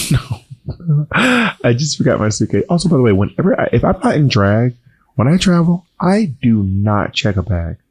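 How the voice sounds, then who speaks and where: A man co-hosting a casual chat, speaking softly and holding back his voice after surgery, teasing and mock-indignant. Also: mid-range voice, very animated, moderate pace, husky. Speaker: podcast co-host.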